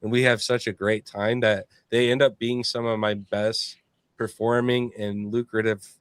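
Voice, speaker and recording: Man, podcast host, lowish voice, rambling, swears a lot, dry close sound. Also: normal speed, clear, resonant tone, dry recording. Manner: rambling, profane, animated. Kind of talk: casual podcast chat.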